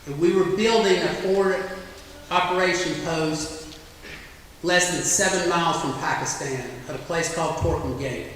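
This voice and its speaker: A middle-aged man tells war stories in a plainspoken, anecdotal way, his voice a touch high for a man. He speaks from a distance across a large hall, with long reverb and a faint hum behind him. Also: fairly even intonation, normal speed, a bit bright. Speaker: military veteran guest speaker. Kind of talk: storytelling speech. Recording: echoey hall from far off.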